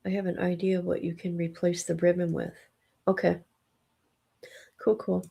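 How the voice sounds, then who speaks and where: A woman's voice: on the low side, flat delivery, moderate pace, gravelly, warm tone, slightly rough. An older woman, a mom and grandma, chatting casually on her livestream in a rambling, sleepy, self-deprecating way. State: sleepy, yawning. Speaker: livestream host. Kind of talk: casual chat.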